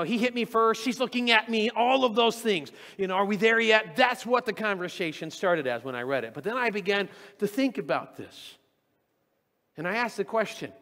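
A man's voice: high-pitched, bright, forceful tone. A middle-aged man preaching a sermon as pastor, talking conversationally and acting out the voices he quotes. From California. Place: church sanctuary. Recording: long church reverb.

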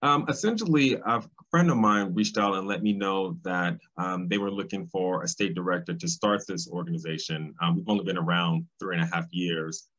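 A man, speaking as a guest in an interview, thoughtful and pausing often with ums. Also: sits low, a bit bright. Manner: thoughtful, with frequent ums and restarts. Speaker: guest, civil rights state director. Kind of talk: casual interview conversation. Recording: slightly dull, lo-fi sound.

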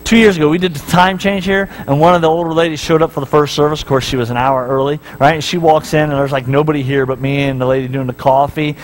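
A man with a notably high voice preaches to his congregation in a church. He keeps it casual, mixing stories and jokes with checks like "right?" to the crowd. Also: fairly even intonation, fast, few pauses, faint music behind, poor audio. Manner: casual, joking storytelling, often asking the crowd "right?". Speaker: pastor. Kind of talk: sermon.

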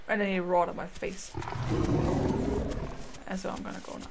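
A woman's voice: medium pitch, lively intonation, a little fast, creaky, long pauses, noisy background. Playful woman narrating her gameplay. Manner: chatty, playful, goofy asides. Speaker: gamer. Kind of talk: let's play commentary. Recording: game sounds loud behind voice. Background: game audio, dinosaur calls.

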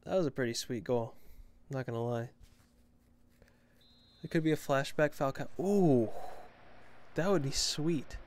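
A young man giving casual, chatty commentary while playing a football video game, talking to himself with quick exclamations. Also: mid-range voice, a little hiss or hum. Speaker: gaming channel host.

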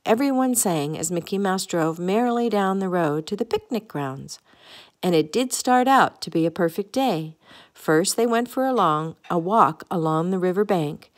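A woman's voice: fairly low pitch, lively intonation, normal speed. A woman reading a children's picnic story aloud in a homey way, now and then stumbling and correcting herself. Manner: homey read-aloud with small slips and self-corrections. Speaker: storybook reader.

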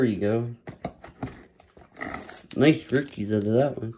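A man's voice: mid-range voice, slow pace, pauses often, dark tone, poor audio. A man casually narrating as he opens trading card packs, muttering hopeful running commentary. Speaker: card collector opening packs. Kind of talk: casual pack-opening commentary.

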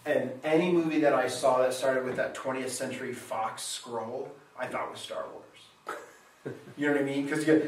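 A man's voice: medium pitch, normal speed, a bit bright, a little hiss or hum. A man teaching Latin in a classroom lecture, thinking aloud and correcting himself as he goes. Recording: very echoey room, mic far off.

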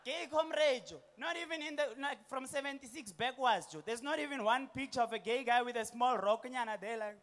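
A young South African man performing a stand-up comedy set, animated and slipping into voices and township slang. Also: extremely high pitch, brisk, hardly any pauses. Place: comedy stage before a live audience.

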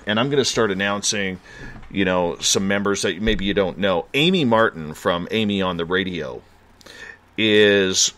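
A man's voice: on the low side, fairly bright tone. A man from Canada hosting a late-night radio show, chatting and telling a story in a joking, easygoing way.

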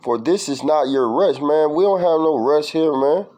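A man's voice: on the high side, moderate pace, warm tone, rough recording. A man preaching informally from scripture, reading verses and word definitions aloud in a street-style, profane way, ending lines with "man". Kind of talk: informal scripture study talk.

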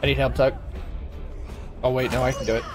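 A man's voice: medium pitch, level tone, a little fast, music in the background. Chatty male game streamer. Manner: chatty, coaching a teammate through fights. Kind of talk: casual gameplay commentary.

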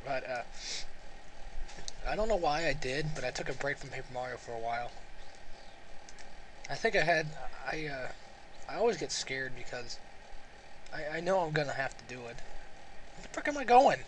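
A man's voice: mid-range voice, normal speed, pauses often, fairly bright tone. A young man giving casual, rambling let's-play commentary, self-mocking and out of breath, breathing heavily into a close mic. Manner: rambling, self-mocking, frequent laughs and sighs. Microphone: close home mic. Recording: noisy home recording.

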